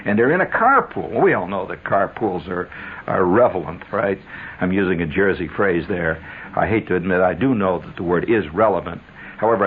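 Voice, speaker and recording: A man hosting a radio show, telling stories in a wry, sardonic monologue with chuckling asides. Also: mid-range voice. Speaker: radio host. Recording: tinny old radio broadcast with faint hiss.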